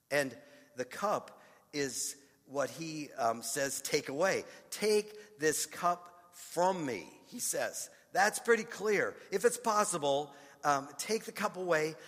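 An earnest male pastor delivering a sermon in a fairly high voice. He moves between hushed, intimate phrases and loud, emphatic ones. His words hang in the long reverb of a large church hall. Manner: earnest, rises and drops in loudness for emphasis.

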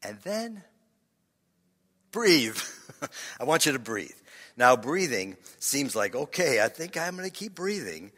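An older man preaching a sermon, slow and meditative, leading breathing and dropping into breathy whispers, with sighs and soft chuckles. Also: mid-range voice, sing-song. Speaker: pastor. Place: church. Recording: large hall with long reverb.

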